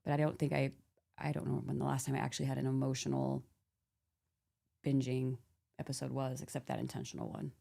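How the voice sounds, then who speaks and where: Low, gravelly-voiced woman chatting. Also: flat delivery, brisk, long pauses, warm tone. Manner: rambling, lots of "like", thinking aloud. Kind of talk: casual podcast conversation.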